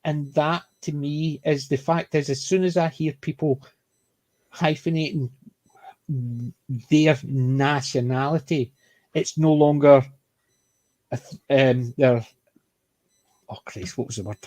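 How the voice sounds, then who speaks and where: A man's voice: a little high, steady tone, slow pace, pauses often, darkish tone, dry recording. A man with a Scottish accent talking in a casual panel discussion, emphatic and opinionated, often restarting his sentences. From Scotland. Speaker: podcast panelist.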